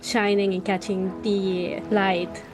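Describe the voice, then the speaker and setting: A woman player lays out her character's actions unhurriedly, describing each detail with care. She speaks very slowly over faint background music. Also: mid-range voice, flat delivery. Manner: slow, thoughtful, descriptive.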